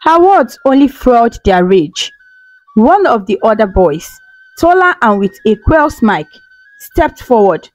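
A woman's voice: on the high side, big pitch swings, unhurried, no echo, low-quality recording. A woman narrating a folktale as a storyteller, dramatic and emotive. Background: faint music.

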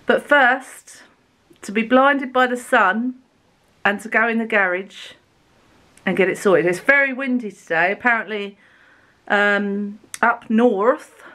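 A woman vlogging to her camera at home in a casual, chatty way, unhurried and with frequent fillers. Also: fairly high pitch, sharp tone. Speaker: family vlogger. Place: at home and outdoors on a windy, sunny day.

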